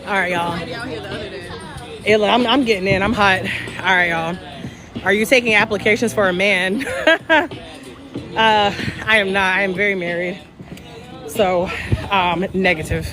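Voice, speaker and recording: A woman's voice: medium pitch, unhurried, pauses often, music in the background, a crowd in the background. A woman hosting a casual travel livestream from her phone, chatting to viewers as she walks and swearing casually. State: out of breath. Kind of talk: casual livestream chat while walking.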